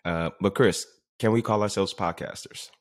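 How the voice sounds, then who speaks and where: A man's voice: low-pitched, normal speed. A young man co-hosting a podcast, speaking in laid-back, casual banter with frequent laughter. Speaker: podcast co-host.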